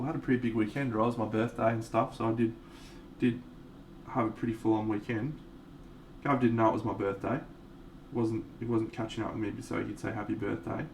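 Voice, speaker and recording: Streaming his miniature painting, a man chats casually, swears freely, laughs often, and tells an anecdote in a laid-back way. His voice is lowish and creaky, fairly even in intonation and a little fast, with long pauses. He sounds distant from the mic, with faint background noise.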